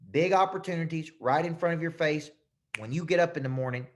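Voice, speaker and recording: Teaching a live webinar over his computer microphone, a medium-pitched male business coach grows heated. He hammers points home by repeating phrases.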